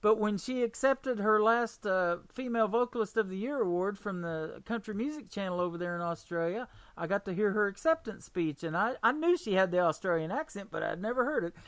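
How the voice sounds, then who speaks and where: A woman with a Southern Missouri accent hosting a casual radio interview, chatty and quick to laugh, with rambling restarts. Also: medium pitch, no echo. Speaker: radio show host.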